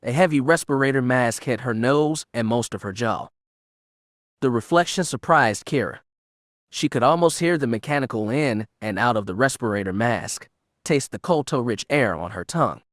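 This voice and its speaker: A man's voice: mid-range voice, moderate pace, no echo. Man narrating an audiobook, dry close voice.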